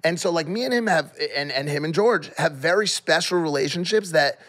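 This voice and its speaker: A man co-hosting a podcast in casual chat, rambling and halting, with many fillers and some swearing. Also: a little high, animated, a bit bright. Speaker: podcast co-host.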